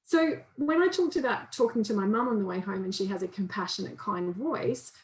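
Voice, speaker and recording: A woman's voice: mid-range voice, brisk, roomy sound, low-quality recording. A woman counsellor giving an informal, conversational training talk and acting out inner voices in quotes. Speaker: counsellor and guest speaker.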